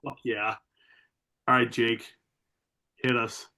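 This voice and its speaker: A man co-hosting a casual gambling podcast, with a mid-range voice. He stumbles and repeats his openings, then rattles off odds quickly. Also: mid-range voice, little pitch movement, pushed and bright. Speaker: podcast co-host. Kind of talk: casual sports betting chat.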